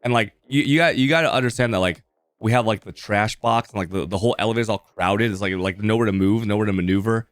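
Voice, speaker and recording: A man's voice: fairly low pitch, quick pace, dry recording. A man, a live streamer, telling a casual story on stream in a rambling way, with constant restarts and fillers like "dude".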